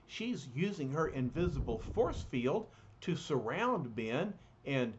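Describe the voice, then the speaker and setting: Slow, lively-voiced man reading a comic aloud. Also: on the high side, highs cut off. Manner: unhurried, with frequent fillers. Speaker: reader.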